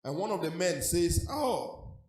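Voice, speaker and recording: A man's voice: very high-pitched, lively intonation, moderate pace, a bit bright. A man preaching a sermon as pastor, in a sing-song cadence sprinkled with hallelujahs. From Nigeria. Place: church hall. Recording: echoey church hall with faint music.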